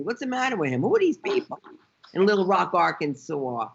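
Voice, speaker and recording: A woman comedian on a panel, telling brassy, animated stories with put-on quotes. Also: lowish voice, a little fast, creaky, breathy edge. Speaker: comedian guest. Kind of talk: casual panel chat. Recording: dull lo-fi audio.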